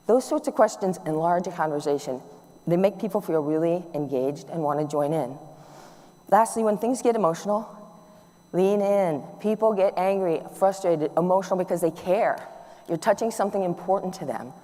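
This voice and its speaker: A middle-aged woman speaker gives a talk to an audience, telling stories warmly and animatedly with acted-out dialogue. Her voice is fairly low at a normal speed, and the recording carries long hall reverb.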